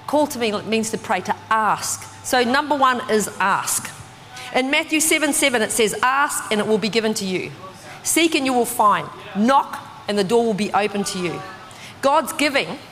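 A woman preaching a sermon in a conversational, animated way, full of casual fillers. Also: high voice, a little hiss or hum. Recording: distant voice with long hall reverb.

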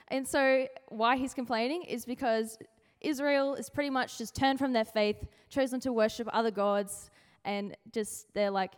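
A woman's voice: a little high, fairly even intonation, moderate pace, hardly any pauses, clean tone. A woman giving a casual, playful youth sermon, chatty and acting out quotes in comic little voices. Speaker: youth speaker sharing a devotion. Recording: hall with long reverb.

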